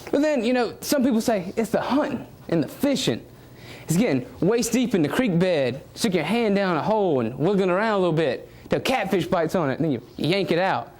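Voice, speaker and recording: A man's voice: high voice, a little fast. A young man with a Southern US accent giving a competition speech, asking the audience questions as he goes. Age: young adult. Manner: animated, rhetorical questions to the audience. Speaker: student public speaking contestant.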